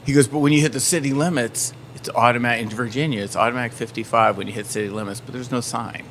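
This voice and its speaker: A man telling a story in a casual chat, acting out shouted quotes as he goes. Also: medium pitch, steady tone, fast talker. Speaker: band member. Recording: faint background noise.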